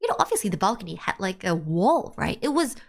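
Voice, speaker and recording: A woman streamer telling a long story to her chat in a rambling, animated way, with lots of "like" and restarts. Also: mid-range voice, quick pace, creaky. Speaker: VTuber streamer.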